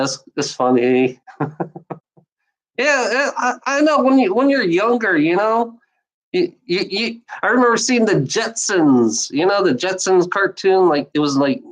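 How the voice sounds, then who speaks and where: A woman's voice: deep voice, rough recording. A woman rambling through an offhand monologue, circling back on the same points again and again. She swears freely and sounds fed up. She keeps tagging "you know" onto her sentences. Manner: profane and exasperated. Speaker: speaker sharing opinions.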